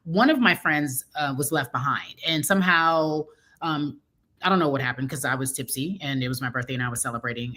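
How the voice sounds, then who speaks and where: A woman with a notably deep voice co-hosts a relaxed talk show. She is middle-aged and tells her stories with animation, slipping into the voices of the people she quotes. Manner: animated storytelling, acting out quoted dialogue. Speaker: co-host. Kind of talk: casual chat.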